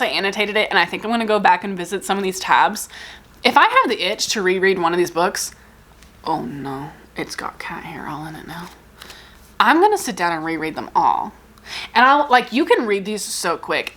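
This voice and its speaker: A woman's voice: mid-range voice, pushed and bright. A young woman chatting casually in a book vlog, rambling and giggling as she gushes and cuts herself off. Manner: rambling, giggly and gushing, self-interrupting. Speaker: book vlogger. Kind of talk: casual chat.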